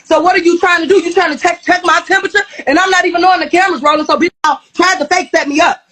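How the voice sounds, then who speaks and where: A woman retelling a fight on a live stream, blunt and profane, quoting the back-and-forth with animated heat. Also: extremely high pitch, very fast, low-quality recording. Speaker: reality show cast member interviewed on a live stream. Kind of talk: heated storytelling on a live stream.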